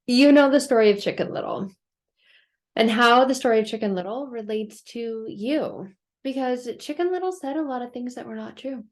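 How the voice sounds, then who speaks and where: Woman host, high voice, playful storyteller, casual advice talk. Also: moderate pace. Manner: playful, animated storytelling, laughs often. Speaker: self-help video host.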